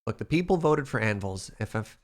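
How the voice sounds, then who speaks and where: A man's voice: fairly low pitch, a little fast. A man streaming a building game live, chatting playfully with his viewers. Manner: animated and playful, talks to the chat. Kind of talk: live gameplay chat with viewers.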